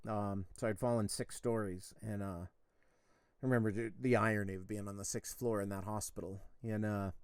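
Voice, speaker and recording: A man's voice: on the low side, fairly even intonation, moderate pace, a little mellow, clear, resonant tone, dry recording. A middle-aged man hosting a podcast, rambling through a personal story with lots of fillers and casual swearing. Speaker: podcast host.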